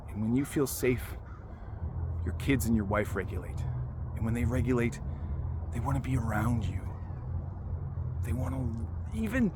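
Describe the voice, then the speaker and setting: A man's voice: mid-range voice, slight background noise. A man hosting a motivational talk for fathers, speaking earnestly and often restarting his sentences. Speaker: life coach and host.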